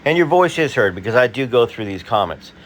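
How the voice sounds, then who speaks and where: A man hosting his video and reading viewer comments in a casual, halting way, full of fillers and restarts; he sounds tired. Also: medium pitch, sing-song, a little hiss or hum.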